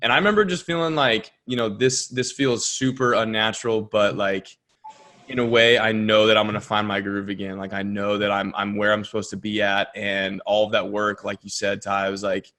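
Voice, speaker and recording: A young man, a baseball pitcher co-hosting, talking earnestly and reflectively in casual chat. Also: level tone, fairly quick, bright, forceful tone. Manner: reflective, earnest, builds energy when making a point.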